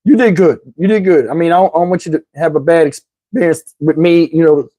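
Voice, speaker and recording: A man voicing a calm male doctor who reassures his patient in an easygoing way. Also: a little high, fairly quick, close to an everyday voice. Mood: reassuring.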